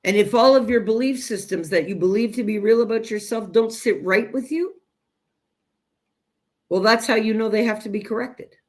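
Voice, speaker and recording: Addressing her audience as "you guys," a fairly high-pitched woman teaches self-growth in a forthright spiritual talk, her delivery deliberate and emphatic.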